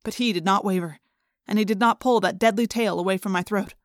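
A woman reading a youth science-fiction audiobook in first person, tense and steady. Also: mid-range voice, brisk, no echo, studio quality. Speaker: audiobook narrator. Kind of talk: scripted narration.

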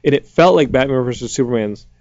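A man in his late thirties hosts a studio podcast in loose, animated chat. His voice sits mid-range and close to the mic with a dry sound. The recording is slightly dull. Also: quick pace, dry recording. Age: late 30s. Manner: animated, acts out squeaky panicked asides. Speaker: podcast host. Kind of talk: casual chat.

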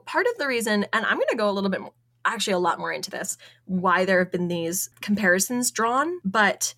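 A woman's voice: mid-range voice, fairly bright tone. A woman co-hosting a podcast, chatting casually while presenting her research notes, often laughing and spelling out names.

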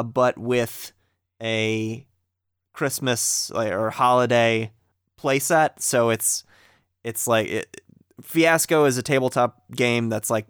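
A man's voice: mid-range voice, clear, resonant tone, no echo. A young man co-hosting a casual podcast, easygoing and matter-of-fact, with dry asides. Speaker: podcast co-host.

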